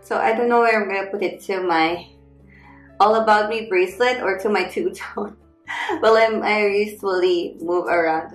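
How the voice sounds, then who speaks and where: A woman unboxing gifts on her vlog, gushing with excitement and thanking the sender over and over. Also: medium pitch, moderate pace. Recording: echoey room with faint music.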